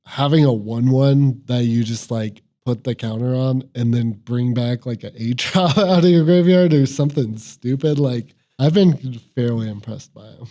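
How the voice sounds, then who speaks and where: Male co-host, mellow timbre, easygoing banter, frequent laughs. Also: mid-range voice, normal speed, few pauses. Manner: laughs often, lots of "like". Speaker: podcast co-host. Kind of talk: casual chat.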